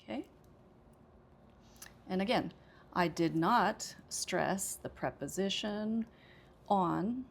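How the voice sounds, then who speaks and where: A woman's voice: mid-range voice, slow, gravelly, long pauses, breathy edge. An American woman teaching English pronunciation, explaining sentence stress step by step and repeating example sentences with careful emphasis.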